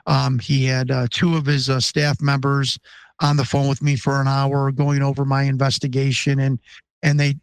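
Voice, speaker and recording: A man's voice: medium pitch, monotone, normal speed, clear, resonant tone, no room sound. An American man in his fifties from Chicago, a podcast guest speaking in an earnest, emphatic way with insistent questions. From Chicago, USA. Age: 50s. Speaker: interview guest. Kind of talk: podcast interview.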